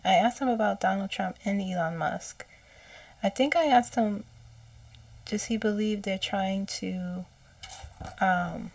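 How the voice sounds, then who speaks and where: A woman channeler relaying messages in a slow, halting monologue, stopping to correct herself and slipping into soft whispers. Her voice has a gravelly fry. The room is dry, and she sits a little back from the mic. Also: medium pitch, no echo, distant mic. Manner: slow, hesitant, self-correcting, with soft laughs and whispered asides. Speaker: psychic channeler.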